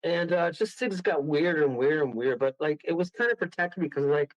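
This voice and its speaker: A man's voice: fairly high pitch, fairly quick, no echo, poor audio. A man, a guest medium on a radio show, telling a rambling story full of laughs and acted-out quotes.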